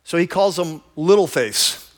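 A man's voice: a little high, expressive, a little slow. A male pastor preaching a sermon in a conversational, enthusiastic storytelling manner.

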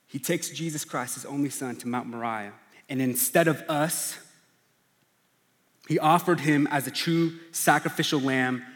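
A man preaching a sermon in an earnest style, often dropping to a hushed, low emphasis. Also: in a large hall. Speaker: pastor.

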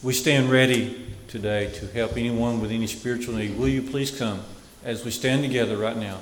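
A man preaching a Sunday sermon, earnest and measured, with weighty pauses. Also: mid-range voice, steady tone, slight background noise. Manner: slow, earnest, emphatic pauses. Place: church sanctuary. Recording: echoey hall with faint ambience.

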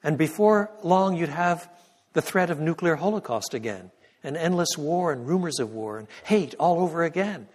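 A man giving an emphatic sermon-style lecture in a church, swinging from loud peaks to a hushed prayer. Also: a little high, expressive, normal speed. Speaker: guest lecturer. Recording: long reverb of a church hall.

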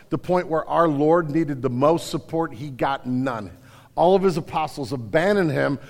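A man's voice: on the high side, in a large hall. A man preaching a sermon as pastor, talking in a colloquial, emphatic way with slangy retellings.

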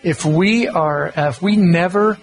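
A middle-aged man preaches in a relaxed, folksy way. His voice sits a touch higher than most men's, and he talks like he's chatting with friends. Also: measured pace, poor audio. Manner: folksy, conversational, self-deprecating. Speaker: pastor. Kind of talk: sermon on parenting.

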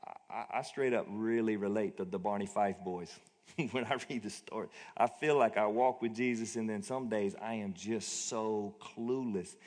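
A man's voice: lowish voice, steady tone, normal speed, a little mellow. A man preaching a conversational, plainspoken sermon as pastor of his church. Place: church auditorium. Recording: long hall reverb.

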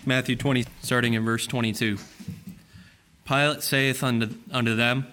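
A man reading a gospel passage aloud in church in a steady, plain way. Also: mid-range voice, normal speed. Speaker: scripture reader.

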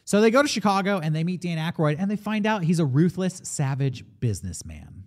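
On a movie podcast, a man with a high-pitched voice talks fairly quickly as co-host. He excitedly walks through a film's plot, quoting characters with voices in a casual, animated way.

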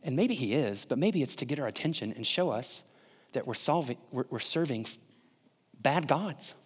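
A man's voice: medium pitch, animated, moderate pace, husky, long reverb tail. A male pastor preaching a sermon in a conversational way, often asking the congregation questions.

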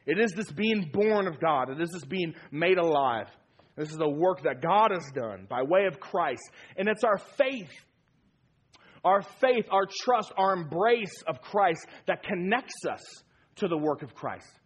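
A man's voice: high voice, lively intonation, unhurried, husky. A man preaching a sermon as pastor, emphatic and repeating key phrases for weight.

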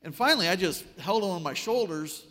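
A man preaching a sermon, telling a story with wry, animated delivery. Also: high voice, brisk, big-room sound.

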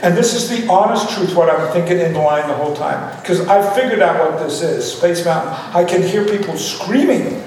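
A man's voice: high voice, animated, normal speed. A man preaching a sermon, telling a funny personal story with lots of laughter. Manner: humorous storytelling, often laughing. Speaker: pastor. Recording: echoey hall from far off, with room noise.

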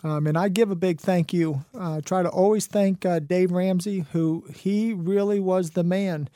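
A man's voice: high voice, fairly even intonation, normal speed, mellow, dry recording, studio quality. A middle-aged man hosting a health and wellness radio talk show, folksy and preachy, full of rhetorical questions.

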